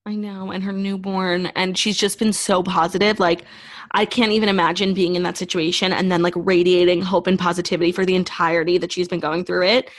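A woman's voice: on the low side, level tone, a little fast. A woman co-hosting a casual pop-culture podcast, chatting with many "like"s. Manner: talkative, says "like" a lot. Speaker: podcast co-host.

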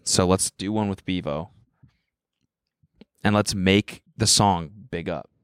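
A man's voice: low-pitched, takes it slowly, clean tone, no room sound, clean studio sound. A man co-hosting a podcast in casual chat, laid-back and filling his talk with "like". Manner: laid-back, lots of "like" fillers. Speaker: podcast co-host.

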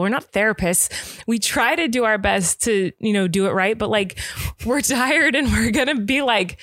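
A woman's voice: medium pitch, normal speed, fairly bright tone, no room sound, studio quality. A young woman in a casual chat about raising her son, earnest and rambling, often acting out what she and the child say. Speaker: parent in a podcast chat.

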